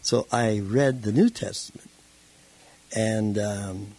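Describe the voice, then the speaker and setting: A man being interviewed who tells his life story in a casual, animated way and acts out the voices in it. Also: fairly low pitch, slow pace, poor audio. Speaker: interview guest.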